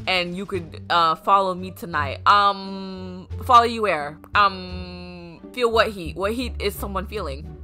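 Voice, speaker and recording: Young woman freaking out over a music video, bright voice, chatty and dramatic, music playing quietly behind. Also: medium pitch, moderate pace. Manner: excitable, dramatic, talks straight to viewers. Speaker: YouTuber reacting to a music video. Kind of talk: casual reaction commentary. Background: faint music.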